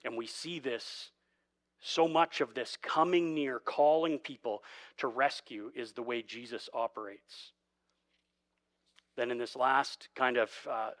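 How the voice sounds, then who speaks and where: A man's voice: mid-range voice, a bit bright. A man preaching a sermon as pastor, conversational and acting out quoted dialogue. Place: church sanctuary.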